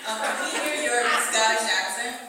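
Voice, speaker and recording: A woman's voice: fairly high pitch, moderate pace, noisy background. A woman fan eagerly asking a question from the audience at a convention panel. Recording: echoey hall from far off.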